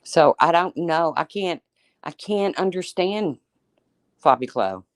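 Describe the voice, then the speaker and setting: A woman's voice: on the low side, expressive, slow, no room sound. A woman hosting a casual livestream, chatting and teasing as she answers viewers by name. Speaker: livestream host. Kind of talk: casual livestream chat reading viewer comments.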